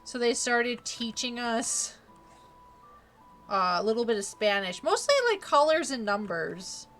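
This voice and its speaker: Chatty young woman, bright laughing streamer. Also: fairly high pitch, animated, a little slow, faint music behind. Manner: chatty, laughs often, many fillers. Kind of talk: casual chat.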